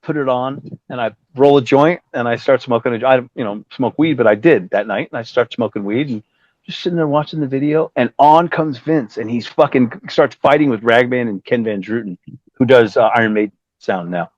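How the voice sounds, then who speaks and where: A middle-aged man spins a rambling anecdote in a relaxed interview, jumping up into the voices of the people in his story and swearing freely. The sound is dry and a little dull. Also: mid-range voice, a little fast, no room sound. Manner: rambling anecdote with acted-out quotes and profanity. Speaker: guest musician.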